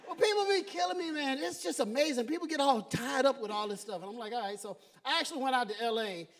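Male stand-up, high-pitched, animated storyteller, live stage mic. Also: fast. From Southern US. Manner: animated storytelling, laughs at own jokes. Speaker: stand-up comedian. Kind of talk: stand-up comedy set. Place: comedy stage before a live audience.

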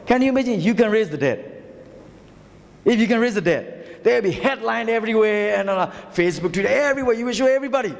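Speaking fast in a gravelly, animated voice that sits high, a Burmese-accented pastor preaches with passion. Rhetorical questions and appeals to the congregation fill his sermon, which reverberates through the church hall.

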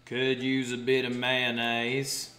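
A man's voice: mid-range voice, completely flat delivery, slow, bright, forceful tone. A man joining a cooking stream, bantering in a dry, teasing way. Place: home kitchen. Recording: echoey room, faint background music.

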